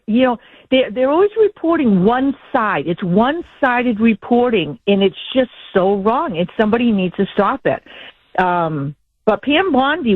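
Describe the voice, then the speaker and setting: A woman's voice: fairly high pitch, no room sound. A woman caller heard over a tinny phone line, speaking in a middling voice. She rambles and sounds frustrated and indignant. Her sound is dry, with no room around it. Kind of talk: call-in talk radio.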